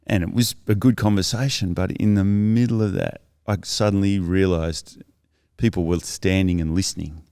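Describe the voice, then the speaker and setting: A man's voice: deep voice, moderate pace, few pauses, a little mellow, clean tone, no room sound, studio quality. A man as a podcast guest, earnestly telling his life story in a thoughtful, reflective way that is often self-correcting.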